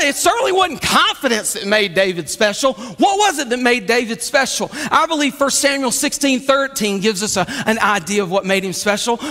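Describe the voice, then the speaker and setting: A man preaching a sermon in an animated, conversational storytelling way. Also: extremely high pitch. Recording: long hall reverb.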